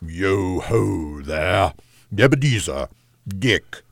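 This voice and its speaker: A man's voice: animated, very slow, creaky, dry recording, studio quality, full character voice. A man voicing a plump, jovial old employer in a storybook reading, calling out heartily. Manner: hearty, booming calls.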